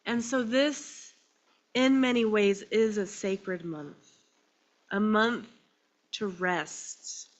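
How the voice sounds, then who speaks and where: Tearful woman minister giving a slow sermon. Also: medium pitch. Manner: slow, emotional and tearful, with pauses between phrases. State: crying.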